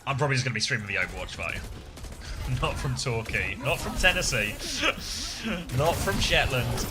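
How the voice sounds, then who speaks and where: A man's voice: mid-range voice, big pitch swings, moderate pace, long pauses, over music. A man casually co-streaming an esports match from the south of England, chatting with his viewers and laughing often. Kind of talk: casual live co-stream commentary.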